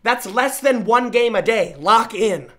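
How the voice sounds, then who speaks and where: A young man streaming live, loudly reacting to viewer gameplay clips, teasing and excitable, swinging between shouting and muttering. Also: very high-pitched, measured pace.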